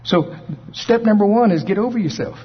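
A man preaching a sermon in a folksy, animated way, acting out scripture scenes in different voices. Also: sits high, normal speed, husky. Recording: dull lo-fi recording.

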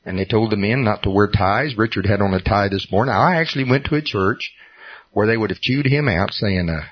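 Preacher guy, middle-aged, low kinda husky voice, earnest and funny about himself, muffled lo-fi sermon tape. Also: fairly quick. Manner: earnest, personal storytelling with self-deprecating humor. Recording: dull lo-fi recording.

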